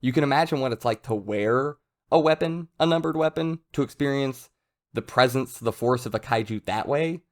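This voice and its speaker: Young guy hyped up reviewing manga, chatty, mid pitch voice. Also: moderate pace. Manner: enthusiastic, conversational, loud jumps when excited. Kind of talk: casual video review.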